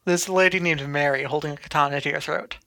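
Bright-voiced woman running a game. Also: low voice, fairly even intonation, quick pace. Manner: easygoing, laughs often, explains rules plainly. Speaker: game master. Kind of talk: narrating a tabletop role-playing game.

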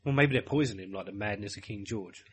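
A man's voice: fairly low pitch, fast, breathy edge. A man co-hosting a podcast, joking and putting on silly voices. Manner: jokey, mimicking voices. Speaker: podcast co-host. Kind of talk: casual chat.

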